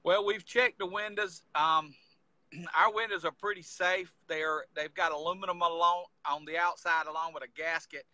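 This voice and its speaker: A man's voice: fairly high pitch, steady tone, moderate pace, sharp tone, no echo. A man with an eastern North Carolina accent, talking in a plain-spoken, matter-of-fact way during a casual chat.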